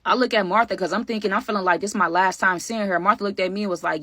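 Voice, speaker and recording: A woman rattles through a dramatic storytime at a quick clip, speaking straight to her viewers in loose slang and slipping into the voices of the people in the story. Her voice sits at an ordinary middle pitch, and the recording is close and dry with no room sound. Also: no echo. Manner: animated, slangy, talks straight to viewers as y'all; acts out other people's lines mid-story. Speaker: vlogger telling a storytime. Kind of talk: casual storytime vlog.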